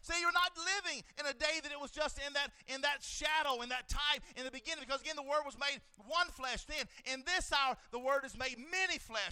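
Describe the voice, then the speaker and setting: A man preaching a fervent sermon in a church, repeating phrases and rising into shouts. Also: very high voice, brisk, hardly any pauses, dry recording.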